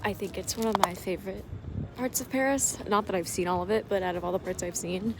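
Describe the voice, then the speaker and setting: A woman's voice: mid-range voice, fast, vocal fry. A young American woman in her twenties, a study abroad student, chatting casually to camera with lots of fillers. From United States. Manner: chatty, full of "like" fillers and laughs. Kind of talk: casual vlog chat. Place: apartment and streets. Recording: noisy handheld vlog audio.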